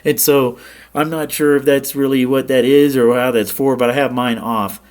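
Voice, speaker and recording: A man hosting a radio programming tutorial, explaining settings in a plain, relaxed way and checking in with the viewer now and then. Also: medium pitch, moderate pace. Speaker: ham radio tutorial host. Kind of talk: casual screen-share tutorial.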